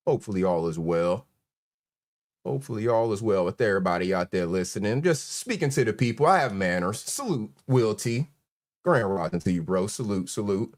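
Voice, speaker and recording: A man's voice: fairly low pitch, animated, brisk. Laid-back man from North Carolina. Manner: laid-back, chuckling, shout-outs to viewers. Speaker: livestream host. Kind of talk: casual live stream chat.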